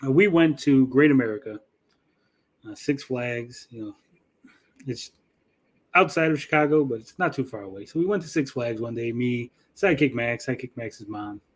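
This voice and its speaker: Profane, animated middle-aged man telling stories. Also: medium pitch, normal speed. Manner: profane, animated storyteller acting out quotes. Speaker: podcast host. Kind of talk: casual storytelling chat.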